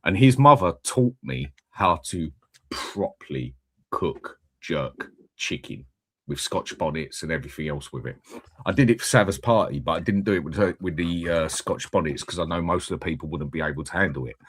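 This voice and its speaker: Deep-voiced man, rambling chat. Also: animated, normal speed, a bit bright, slightly rough. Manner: rambling, swears freely, jokey. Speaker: channel host. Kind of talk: casual chat on a live stream.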